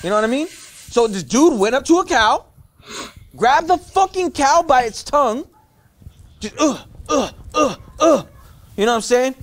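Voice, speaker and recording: A man's voice: very high-pitched, measured pace, pauses often. A man telling a rambling story from his childhood in casual slang, acting out the voices of his relatives. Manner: animated, acts out voices of relatives; streetwise slang, loose rambling. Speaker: storyteller in a clip being reacted to.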